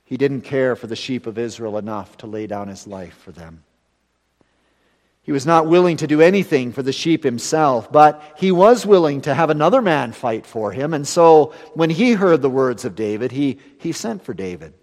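A man's voice: medium pitch, lively intonation, moderate pace. Man preaching a sermon in a reverberant hall. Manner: earnest, rising to emphatic then dropping to hushed.

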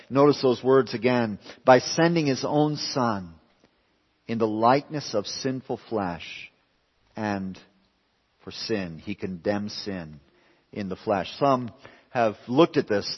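A man's voice: fairly low pitch, measured pace. Preaching man in an echoing hall. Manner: emphatic preaching, swinging between raised and hushed. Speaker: pastor. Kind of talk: sermon. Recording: reverberant hall, dull lo-fi sound.

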